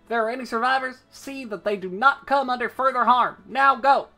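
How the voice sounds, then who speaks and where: A gruff male drill sergeant in a fantasy game, barking orders in a raised, forceful voice, as a woman puts him on. The tone is bright and pushed higher than plain talk, every line snapped out as a command. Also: brisk, soft background music. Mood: urgent commanding.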